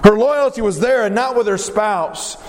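A man's voice: high voice, normal speed. A male preacher delivering a sermon, stretching out phrases for emphasis and asking his listeners rhetorical questions. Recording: long reverb of a hall.

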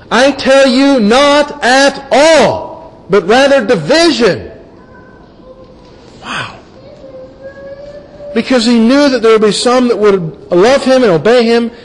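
A man preaching a sermon and working verse by verse through scripture. He speaks earnestly and drops to a quiet voice when he wants to stress a point. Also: high voice. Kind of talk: sermon, Bible exposition. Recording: long hall reverb.

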